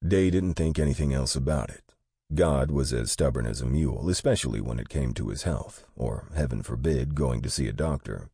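A man narrating an audiobook in a steady, matter-of-fact way. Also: very deep voice, moderate pace, gravelly, breathy edge, no room sound.

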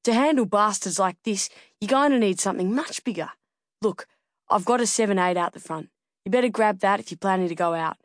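A woman voicing an excitable grown man who runs a surf contest, speaking in an urgent, emphatic and blunt way in an audiobook. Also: medium pitch, a little fast, no echo, clean studio sound, lightly acted. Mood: insistent. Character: excitable adult male surf contest director.

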